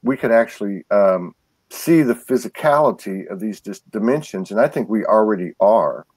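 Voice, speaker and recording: A man with a lowish voice, recorded close and dry, talks as a guest in a casual spiritual conversation. He stumbles through restarts and repeated words while telling his stories earnestly. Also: expressive, normal speed, a little mellow, breathy edge, no echo. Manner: earnest storytelling.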